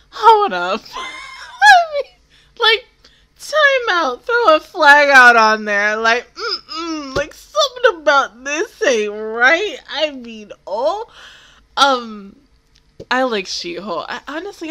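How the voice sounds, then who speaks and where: A young woman giving casual, excitable reaction commentary, swearing freely and laughing often. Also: sits high. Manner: excitable, profane, laughs often, loud exclamations. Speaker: anime reaction video host.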